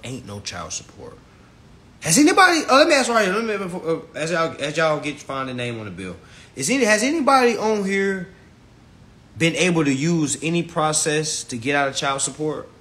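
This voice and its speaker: A man's voice: mid-range voice, fairly bright tone. A man hosting a live stream, ranting bluntly and profanely, then coaching viewers step by step.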